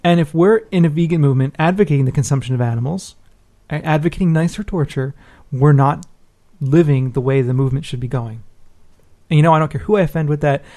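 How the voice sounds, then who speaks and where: Mellow-voiced blunt male podcast host. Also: a little high, fast talker. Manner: blunt, profane, opinionated. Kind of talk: casual talk show commentary.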